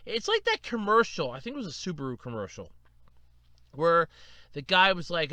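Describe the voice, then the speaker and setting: A man's voice: fairly high pitch, big pitch swings, fairly quick, pushed and bright, clean tone, dry recording. A man hosting a solo podcast, talking casually and animatedly, swearing freely and acting out quotes. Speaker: podcast host.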